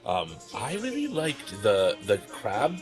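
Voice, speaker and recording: A man with a fairly low voice hosts a casual food vlog. His pitch jumps around animatedly, and he laughs easily. Clear music plays in the background. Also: wildly swooping pitch, slow pace. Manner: upbeat, laughs often. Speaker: food vlogger host. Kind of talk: casual food review chat. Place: restaurant dining table.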